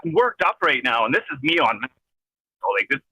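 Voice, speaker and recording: A man's voice: a little high, sing-song, fast talker, pushed and bright, no room sound. A man on a phone call from his vehicle, ranting in an agitated, rambling, swearing way with many restarts. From Canada. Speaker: caller. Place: in a vehicle driving.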